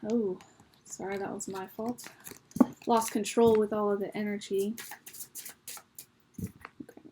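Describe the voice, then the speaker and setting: Chatty woman tarot reader at a middle pitch, talking casually to her viewers. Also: level tone, unhurried, very noisy. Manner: chatty, reads card words aloud, frequent ums. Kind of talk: casual tarot reading to camera.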